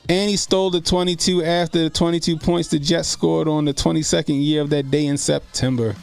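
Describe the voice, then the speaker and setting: A man's voice: fairly high pitch, little pitch movement, brisk, gravelly, clean tone, no room sound, soft background music. Laid-back profane man riffing live. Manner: loose, profane, laughing storytelling; reads and answers chat comments. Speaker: streamer host. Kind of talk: casual live-stream commentary.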